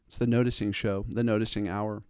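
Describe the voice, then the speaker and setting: A man's voice: lowish voice, little pitch movement, a little fast, darkish tone, clean tone, dry recording, clean studio sound. A man in his thirties hosting a show, telling a long comic story with many rambling asides. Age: 30s. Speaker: host. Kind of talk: comic monologue.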